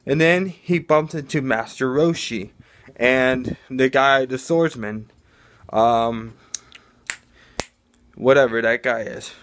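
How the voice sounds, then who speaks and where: A man's voice: mid-range voice, slow pace, pauses often, a bit bright, a little hiss or hum. A man casually improvising a fan story, rambling, with many restarts and fillers.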